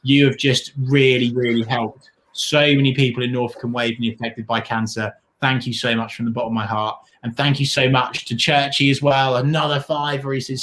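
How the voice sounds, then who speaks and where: A man co-hosting a long charity livestream, talking in an excitable, gushing way and thanking donors warmly, worn out from the long hours. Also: mid-range voice, brisk, low-quality recording. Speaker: livestream co-host. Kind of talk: casual livestream chat.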